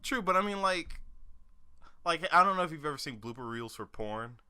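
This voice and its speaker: A man's voice: fairly high pitch, animated, moderate pace, sharp tone, clean tone, no room sound. A man co-hosting a podcast in casual chat, blunt and profane, laughing often. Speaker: podcast co-host.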